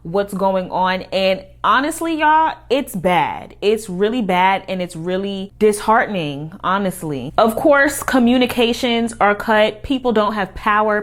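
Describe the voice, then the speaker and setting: A woman's voice: fairly high pitch, moderate pace. Earnest woman vlogger, casual commentary. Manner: earnest, repeats points for emphasis.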